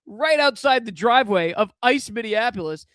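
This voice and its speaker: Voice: medium pitch, lively intonation, normal speed, a bit bright, no room sound, clean studio sound. A streamer giving casual reaction commentary on posts, reading them aloud, saying dude and man, and breaking into laughter again and again. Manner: slangy and loose, says dude and man.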